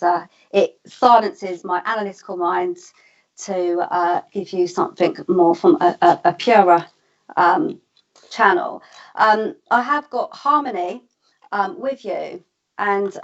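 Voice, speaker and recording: Psychic co-host, woman, halting and giggly delivery with lots of ums, muffled lo-fi audio, mid pitch. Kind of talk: casual live reading chat.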